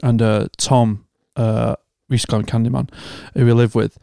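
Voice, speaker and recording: A young man telling animated stories in casual chat. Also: medium pitch, normal speed, vocal fry, dry recording, studio quality. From England. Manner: animated storyteller, slangy and swearing.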